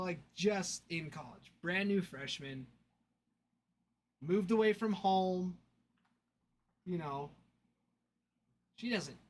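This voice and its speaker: A young man talks casually while running a card-opening livestream, chatting and thanking viewers. His voice sits a bit high. A faint hum of room sound stays behind him. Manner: chatty storyteller, laughs often, thanks viewers. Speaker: card break livestream host.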